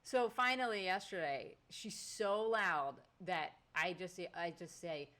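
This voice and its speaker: A woman co-hosting a podcast, her voice sitting a little on the low side. She tells her story in loose casual chat with lively, exasperated energy. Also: slow pace. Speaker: podcast co-host.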